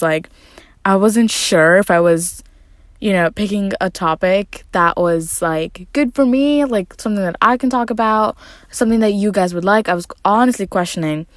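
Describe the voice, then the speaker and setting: A woman hosting a podcast on her own, chatting in a loose, rambling way full of asides and fillers. She records from a closet at home, so her voice sounds close and dry. Her pitch sits in the middle for a woman. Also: no room sound. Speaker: podcast host. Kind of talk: casual solo podcast talk.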